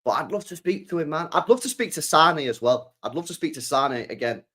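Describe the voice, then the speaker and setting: A young man, hosting a casual football stream, rambling in slangy, animated asides. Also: on the high side, brisk. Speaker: football channel host. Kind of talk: casual livestream chat.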